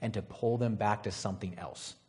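A man's voice: fairly low pitch, steady tone, brisk, darkish tone. Male preacher, conversational sermon delivery, rambling, keeps asking the room "right?". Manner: casual, rambling, frequent "right?" and "you know".

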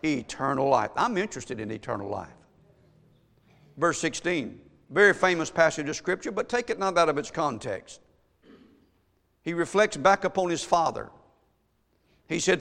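A pastor preaching to his congregation, his voice slightly high and full of gravel. He reads scripture with rising, emphatic force. The sound carries a long church-hall reverb. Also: animated, normal speed, pauses often, a bit bright. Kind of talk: sermon. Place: church sanctuary.

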